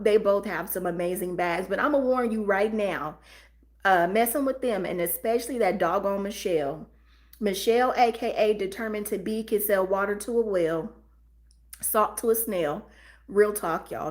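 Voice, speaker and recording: Chatty woman live haul host. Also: medium pitch. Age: middle-aged. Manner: chatty, talks straight to viewers, reads comments aloud. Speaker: livestream host. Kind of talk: casual live chat haul.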